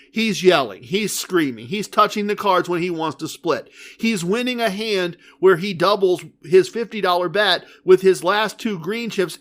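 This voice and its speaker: High-voiced man telling a casino story. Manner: animated, emphatic storytelling. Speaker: podcast host. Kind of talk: casual storytelling.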